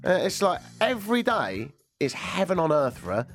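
Sardonic male radio host, lively delivery. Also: fairly high pitch, moderate pace, soft background music. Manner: dry, sardonic, self-mocking. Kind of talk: casual radio chat.

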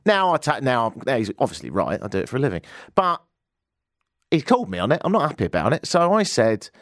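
British radio host telling a wry story. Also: male voice, huge pitch swings, normal speed, no echo, studio quality. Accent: British English. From Britain. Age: 40s. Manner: wry, self-mocking, swings high for emphasis. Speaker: radio talk show host. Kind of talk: animated storytelling monologue. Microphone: studio microphone.

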